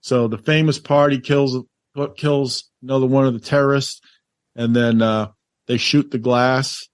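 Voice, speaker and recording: A man's voice: mid-range voice, steady tone, unhurried, no room sound, studio quality. A man co-hosting a podcast, chatting about a movie in a rambling, enthusiastic way. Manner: rambling, enthusiastic, lots of fillers. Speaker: podcast co-host. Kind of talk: casual movie chat.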